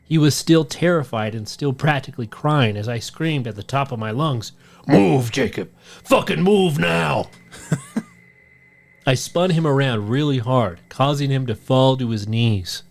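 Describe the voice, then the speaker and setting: Male podcast co-host, mid-pitched, steady storytelling read of a listener tale. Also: normal speed, hardly any pauses. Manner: steady storytelling read, shouts out the quoted lines. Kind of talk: reading a listener story aloud.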